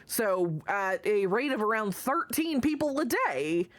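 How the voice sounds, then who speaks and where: A woman's voice: mid-range voice, very animated, a little slow, dry recording. A woman streamer chatting casually with her viewers, greeting them by name, affectionate and swearing freely. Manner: swears freely while reading chat aloud. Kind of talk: casual live-stream chat.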